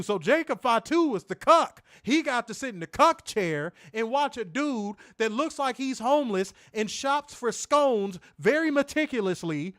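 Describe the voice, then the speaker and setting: A man reviewing a wrestling show, ranting loudly with lots of swearing. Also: very high-pitched, no echo, studio quality. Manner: loud profane ranting; calmer advice-giving. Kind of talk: ranting commentary.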